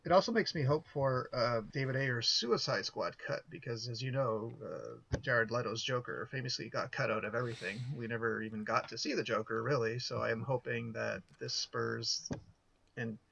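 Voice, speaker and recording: A man co-hosting a podcast in casual chat, with a gravelly gin-and-cigarettes voice, often jumping in, recorded on a laptop mic. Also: mid-range voice, normal speed, a bit bright, a little hiss or hum. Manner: chatty, interjects often. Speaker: podcast co-host. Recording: dull lo-fi laptop audio.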